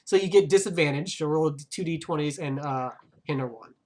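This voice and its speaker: A man's voice: fairly high pitch, a little fast, a little mellow, slight background noise. A man running a tabletop game as game master, talking in an emphatic, bossy, profane way. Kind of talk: casual tabletop game chat.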